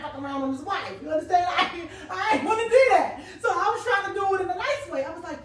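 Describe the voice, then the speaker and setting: A woman's voice: high voice, animated, fast talker, hardly any pauses. A woman hosting a casual live-stream talk show, telling stories animatedly and reading viewer comments aloud. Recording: echoey room, distant mic, faint noise.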